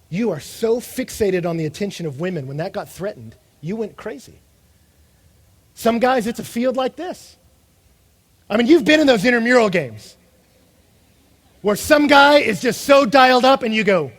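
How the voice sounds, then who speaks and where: A man preaching a sermon in an animated way, acting out the voices of the people he quotes. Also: high voice, a little fast. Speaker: pastor.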